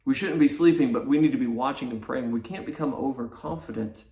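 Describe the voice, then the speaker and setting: A man's voice: medium pitch, mellow. Preacher man in an echoey room. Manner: reads scripture slowly, then explains in plain conversational tones. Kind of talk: Bible teaching sermon.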